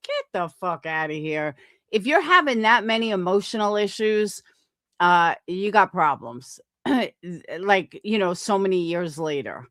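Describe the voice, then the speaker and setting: A woman's voice: mid-range voice, animated, a little slow, fairly bright tone, dry recording, studio quality. A middle-aged woman streamer commenting on clips in a blunt, profane, sarcastic way.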